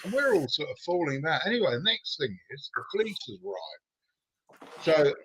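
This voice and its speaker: A man's voice: a little high, normal speed, slight background noise. An older man, a former racing driver, telling cheeky stories with casual swearing. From Britain. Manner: cheeky, swearing, relaxed storytelling. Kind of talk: casual anecdote on a live stream. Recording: dull lo-fi recording.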